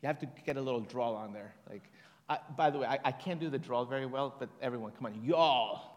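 A man's voice: mid-range voice, fast. A man preaching a conversational sermon to a congregation, chatty and casual, reading scripture aloud and leading them in responses. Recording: long reverb of a large hall.

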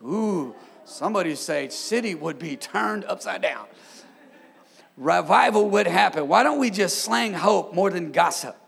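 A man, a pastor, preaching a sermon with energetic call-and-response and street slang. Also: sits high, normal speed, creaky, in a large hall.

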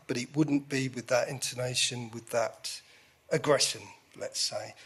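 Husky, self-deprecating man. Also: mid-range voice. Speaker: guest. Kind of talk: candid conversation.

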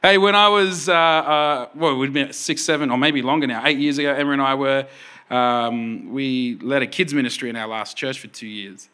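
A male pastor in his thirties preaching a sermon, telling a story in an animated way and laughing often. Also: mid-range voice, moderate pace, clear, resonant tone.

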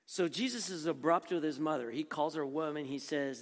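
Pastor, man, high-pitched, preaching in a big reverberant sanctuary; punchy rhetorical questions, drops to near-quiet for weight. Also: lively intonation, normal speed, few pauses. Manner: rhetorical questions, swings between emphatic and hushed. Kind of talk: sermon. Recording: long reverb from a large hall.

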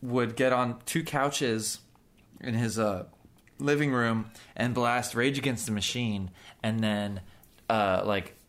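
A man's voice: medium pitch, fairly even intonation, slow, fairly bright tone. A young man co-hosting a casual chat, joking around and slipping into silly voices. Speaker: podcast co-host.

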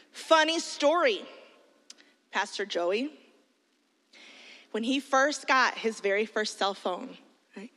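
Woman pastor, middle-aged, higher bright voice, lively sermon storytelling, long hall echo. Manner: animated storytelling, bursts into shouted quotes. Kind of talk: sermon to youth.

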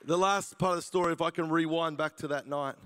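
A man tells his testimony from the pulpit, cracking jokes and laughing at his own lines. His voice sits fairly high, and long reverb trails each phrase through the hall. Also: steady tone, quick pace, pushed and bright, clear, resonant tone, some chatter behind. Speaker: preacher giving his testimony. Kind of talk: sermon testimony.

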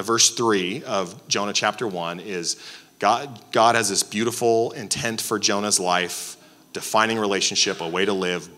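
Brief: a male pastor preaching casually, slightly low voice, long hall echo. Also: sharp tone. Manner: conversational, many fillers and restarts. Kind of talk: sermon.

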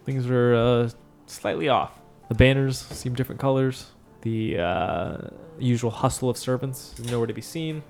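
A man running a tabletop game as game master, narrating in a halting way with many fillers. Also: mid-range voice, creaky, darkish tone, faint music behind.

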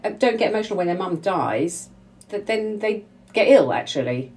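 A woman's voice: mid-range voice, animated, moderate pace, a little mellow. A woman interviewing a guest in conversation, emphatic and effusive.

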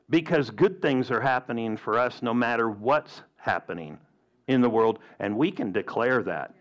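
A man preaching a sermon with emphatic delivery and rhetorical questions. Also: mid-range voice. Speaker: pastor.

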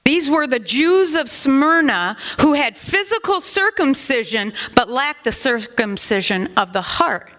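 A woman pastor preaching a sermon in a conversational, animated way, acting out quotes and adding asides. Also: high voice, measured pace, hardly any pauses. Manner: animated, acts out quotes in put-on voices.

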